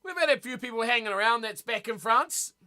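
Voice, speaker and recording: A man's voice: extremely high pitch, lively intonation, brisk, sharp tone. A man hosting a casual live stream, chatting loosely and answering his viewers as he talks, often repeating words. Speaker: streamer reading live chat.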